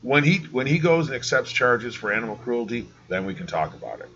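A man's voice: medium pitch, very animated, brisk, a bit bright. A man co-hosting a casual podcast, ranting heatedly and swearing a lot. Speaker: podcast co-host. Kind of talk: casual chat. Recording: dull lo-fi audio.

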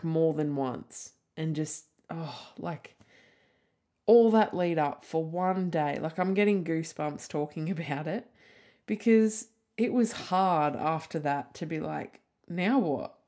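A woman's voice: deep voice, slow, warm tone. A woman in her thirties hosting a solo podcast, rambling candidly with lots of "like" and the odd swear word. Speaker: podcast host. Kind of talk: casual solo podcast chat.

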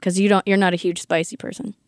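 A woman's voice: medium pitch, level tone, fast talker, no echo, clean studio sound. Giggly young woman co-hosting a podcast. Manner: chatty, giggly, lots of "like" fillers. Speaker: podcast co-host. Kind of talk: casual chat.

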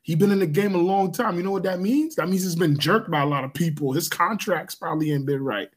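A man's voice: high-pitched, quick pace, slight background noise. A middle-aged man co-hosting a casual chat, talking in a slangy, laid-back way and laughing often. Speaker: podcast co-host.

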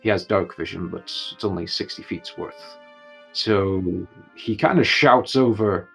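A man narrating a tabletop game as its game master, in a relaxed, chuckling way. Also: low-pitched, a little slow, creaky, husky, soft background music.

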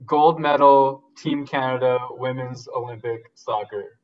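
A man's voice: medium pitch, measured pace, distant mic, lo-fi sound. A man guesting on a sports podcast, eager and openly emotional about the games, filling gaps with "like" and "um". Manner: enthusiastic, gets emotional, fillers like "like" and "um". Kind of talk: casual sports chat.

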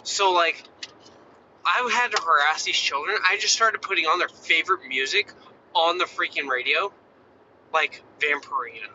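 A man in his thirties chatting casually, telling animated stories about his kids and acting out their voices. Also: on the high side, moderate pace, muffled recording, noisy background. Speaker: father. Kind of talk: casual chat.

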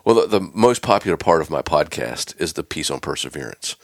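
Male podcast host, very low voice, dry close mic, easygoing interviewer. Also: animated, a little fast, dry recording. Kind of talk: casual interview chat.

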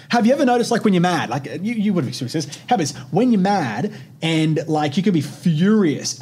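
Husky, animated young man on a podcast. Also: fairly high pitch. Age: 20s. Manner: animated, swears freely, peppers talk with "like" and "right?". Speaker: podcast host. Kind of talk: casual motivational podcast talk.

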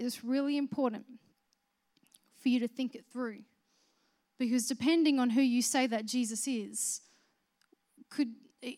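Woman giving a sermon, high voice, casual and chatty with restarts, then gets loud and emphatic. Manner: swings from soft and low to loud, emphatic proclamation; conversational, with restarts and filler words. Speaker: preacher.

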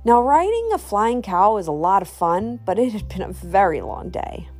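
A woman reading a children's storybook aloud in an expressive, animated way. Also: mid-range voice, moderate pace, faint music behind.

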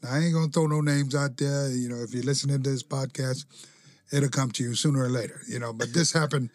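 A man's voice: medium pitch, no echo. A man hosts a casual podcast and unwinds into long, easygoing anecdotes. His voice sits in an ordinary mid range and laughs come easily. The sound is dry and close. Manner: laughs often, relaxed, drawn-out anecdotes. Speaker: podcast host, former wrestler. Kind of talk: casual storytelling chat.

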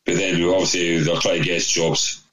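A man's voice: deep voice, level tone, brisk, a bit bright, rough recording. A man telling a rambling anecdote over casual chat, swearing constantly. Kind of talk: casual storytelling.

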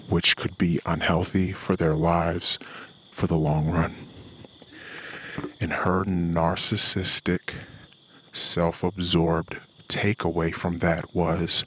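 Low husky-voiced man ranting. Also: level tone, takes it slowly, fairly bright tone. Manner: profane, ranting, with heated quoted asides. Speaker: podcast host. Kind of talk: angry personal monologue.

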